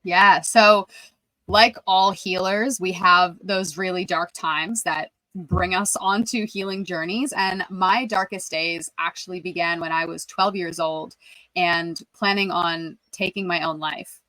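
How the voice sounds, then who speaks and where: A woman's voice: fairly low pitch, steady tone, unhurried, sharp tone, no room sound, poor audio. A woman guest on a podcast, speaking earnestly and openly about her work as a wellness coach. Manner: earnest, heartfelt, open. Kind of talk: casual interview answers.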